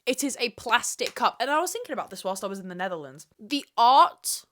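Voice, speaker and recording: A woman in her twenties rants on her solo podcast, speaking to camera in a sweary, emphatic way. Her voice sits at an ordinary middle pitch for a woman. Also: big pitch swings, quick pace, a bit bright, a little hiss or hum. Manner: profane, emphatic, ranting. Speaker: podcast host. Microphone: camera mic, speaking to camera.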